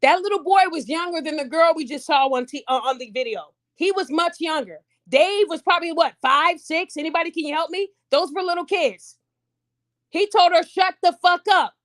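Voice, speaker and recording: A very high-pitched woman talks at a normal speed as a podcast host, chatting casually and animatedly with her audience. She addresses listeners directly and acts out voices in this casual commentary.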